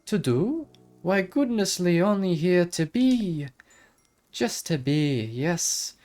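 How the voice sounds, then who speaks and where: A man's voice: sits high, big pitch swings, takes it slowly, darkish tone, faint music behind, pitched above the performer's own voice, exaggerated voice. A man voicing a bouncy, ancient female fairy in a put-on Irish accent, with dreamy, garbled, old-fashioned phrasing. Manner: lilting, garbled archaic phrasing.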